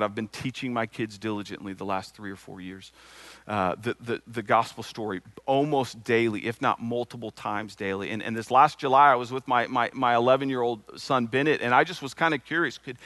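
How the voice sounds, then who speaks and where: A man's voice: mid-range voice, fairly quick, fairly bright tone, dry recording. A middle-aged man giving an earnest sermon testimony from the pulpit, telling a personal story with frequent repeated words. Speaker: church speaker.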